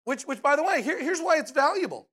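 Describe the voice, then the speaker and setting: Preaching in a conversational way, this middle-aged pastor has an extremely high, sing-song voice with a quick pace and fairly bright tone. He frequently questions his listeners and ends lines with "right?".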